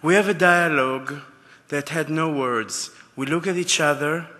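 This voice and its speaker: A man with a fairly high, bright voice speaks in a forceful tone and an unhurried pace as he accepts an award at a gala. He tells heartfelt stories and anecdotes, and the large ballroom gives the recording a long hall reverb.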